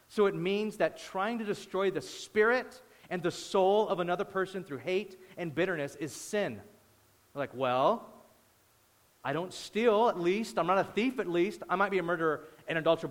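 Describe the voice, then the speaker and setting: A man preaching a sermon as pastor, animated and acting out quoted voices and little stories. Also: on the high side. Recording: hall reverb.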